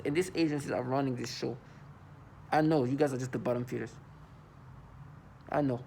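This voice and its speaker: A man's voice: mid-range voice, darkish tone, a little hiss or hum. A man talking to the camera in an agitated monologue, often stammering and repeating words. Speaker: vlogger.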